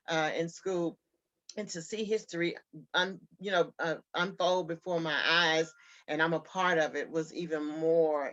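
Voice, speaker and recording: A woman's voice: deep voice, a bit bright, dull audio. A woman guest telling a personal story in an interview, earnest and heartfelt.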